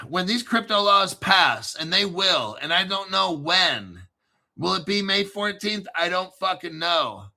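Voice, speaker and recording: A man's voice: high voice, sing-song, takes it slowly, gravelly, pushed and bright. A man hosting a crypto channel, ranting brashly and sarcastically and swearing a lot. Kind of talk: profane ranting monologue.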